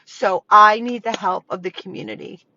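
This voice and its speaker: An emotional woman who runs a dog rescue pleads urgently and directly with her viewers, her voice at an ordinary middle pitch. The sound is dry and close, with a slightly dull, lo-fi quality. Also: steady tone, normal speed, pushed and bright, no echo. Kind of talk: impassioned direct appeal to viewers.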